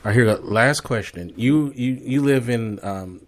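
A man hosting a casual interview, laughing often and talking in relaxed slang. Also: mid-range voice, normal speed. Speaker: interviewer host.

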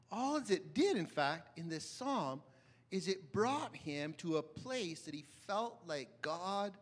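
A man preaching a sermon with dramatic swings between loud emphasis and hushed asides, often asking his listeners questions. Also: sits high. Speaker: pastor.

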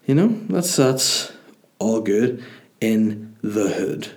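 A man's voice: on the low side, expressive, takes it slowly, darkish tone. A Northern Irish man hosting his own podcast, chatting in a rambling, jokey, sweary way. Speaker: podcast host and comedian. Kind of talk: casual solo podcast chat.

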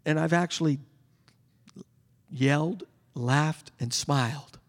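A male pastor preaching an exuberant sermon. He bursts into yelling at times and leads the congregation in call-and-response. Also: on the high side, slow, big-room sound. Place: church sanctuary.

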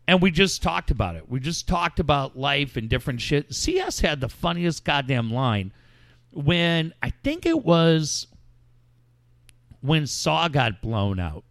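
A male podcast host reminisces in loose, profanity-laced chat. His voice sits a little high and swings widely in pitch as he tells stories. The recording is dry, with no room sound. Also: very animated, a little slow, vocal fry, a bit bright, no echo. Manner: profane, rambling storyteller.

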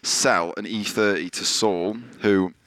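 A man's voice: fairly low pitch, fairly even intonation, slow pace, a bit bright, dry recording. A man hosting a podcast, telling a long story in casual chat, swearing freely and acting out what others said. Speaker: podcast host. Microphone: podcast microphone.

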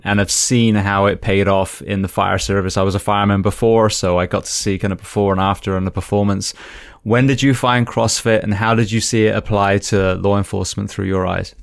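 A man with a lowish voice hosts a podcast conversation, speaking in an earnest, measured way. His voice is dry and close, with almost no room sound around it. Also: gravelly, dry recording. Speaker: podcast host. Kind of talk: casual interview conversation.

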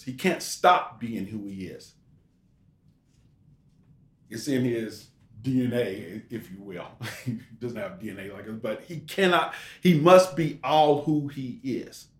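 A man's voice: medium pitch, expressive, slow. Roomy-sounding man preaching conversationally. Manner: conversational, rambling, with restarts and rhetorical questions. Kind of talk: informal sermon. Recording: roomy echo.

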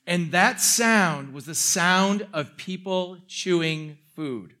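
Animated high-voiced male preacher. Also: takes it slowly. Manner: animated, self-mocking storytelling with jokes. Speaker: pastor. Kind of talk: sermon.

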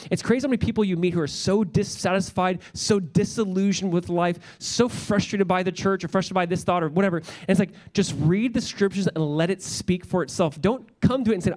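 A man's voice: high-pitched, darkish tone. A young adult man, a pastor, preaching a sermon in a church with an earnest, conversational manner, often restarting his phrases.

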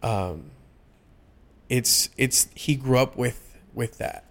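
Young adult man, medium voice, halting heartfelt chat guest with frequent restarts. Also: mid-range voice, lively intonation, fairly bright tone. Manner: halting, many restarts and fillers. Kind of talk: casual heartfelt conversation.

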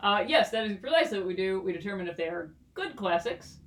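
A woman's voice: mid-range voice, lively intonation, quick pace, distant mic. Woman podcast co-host, jokey and playful; echoey room, sits back from the mic. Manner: playful, jokey, laughs often. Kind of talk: casual chat.

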